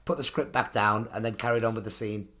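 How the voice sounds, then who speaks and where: A man's voice: on the low side, fairly even intonation, quick pace, fairly bright tone. A man, co-hosting a casual comedy podcast, rambling and laughing at his own jokes. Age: 30s. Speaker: podcast co-host.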